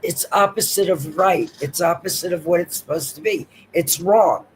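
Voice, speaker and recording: A man's voice: sits high, normal speed, breathy edge, rough recording. A man co-hosting a casual livestream, talking emphatically, repeating himself and restarting his sentences. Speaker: livestream co-host.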